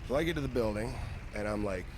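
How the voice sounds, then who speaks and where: A man's voice: fairly low pitch, expressive, quick pace, background noise. A man telling a story as an interview guest, in a loose, casual way full of "you know" and swearing.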